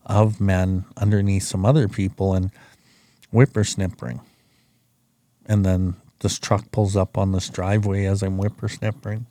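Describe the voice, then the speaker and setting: A man's voice: low voice, dark tone, no echo. A middle-aged man hosting a recovery podcast, telling his story in a rambling, profane, plain-spoken way. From Canada. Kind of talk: casual storytelling.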